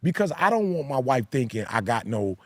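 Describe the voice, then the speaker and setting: A man's voice: mid-range voice, very animated, brisk, a little mellow, no echo. A man who is a pastor and podcast host, talking in a casual discussion with an emphatic, repetitive preaching cadence. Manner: emphatic, repeats key phrases like a preacher.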